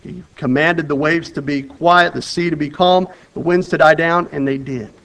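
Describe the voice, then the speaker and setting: Earnest and conversational, a man with a slightly high voice gives a sermon featuring Bible reading at a moderate pace with a steady tone. He circles back and restarts phrases often, alternating loud, urgent bursts with soft, quiet emphasis, and the recording is rough.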